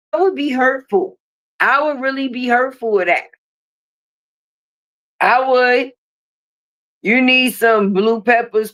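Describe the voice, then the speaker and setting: Sick, chatty woman streaming live. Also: mid-range voice. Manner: chatty, talks straight to viewers, swears freely. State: sick, coughing and sniffly. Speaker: livestream host. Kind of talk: casual livestream chat.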